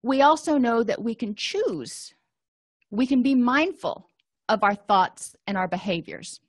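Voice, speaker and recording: A middle-aged woman counselor giving a calm, explanatory lecture and walking listeners through exercises. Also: a little high, a little slow, breathy edge, no echo, studio quality. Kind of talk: recorded lecture.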